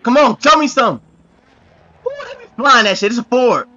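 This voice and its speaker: A man hosting a reaction video, with excitable, exclamatory commentary full of profane slang. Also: very high voice, moderate pace, dull audio.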